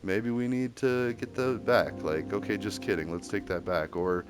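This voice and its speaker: A man's voice: lowish voice, steady tone, moderate pace. A man ranting in a casual, rambling way, heated and packed with fillers and restarts. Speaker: streamer. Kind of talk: casual rambling opinion rant. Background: music.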